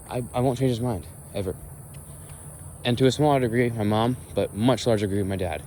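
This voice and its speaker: A young male vlogger rants in exasperation during a walk-and-talk recorded outdoors at dusk. His mid-range voice is brisk and warm, with a little hiss or hum in the audio.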